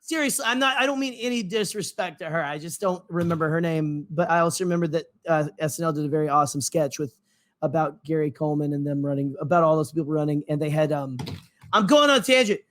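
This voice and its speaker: A man's voice: on the high side, quick pace, fairly bright tone. A man co-hosting a podcast in casual chat, rambling off on tangents with lots of fillers. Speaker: podcast co-host.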